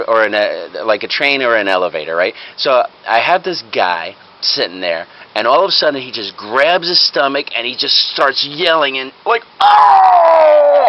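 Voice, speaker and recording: Guy rambling through a prank story, bouncy lively voice, kinda muffled, faint hiss behind. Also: mid-range voice. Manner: rambling, chuckling, keeps tagging "right?". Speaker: comedic storyteller.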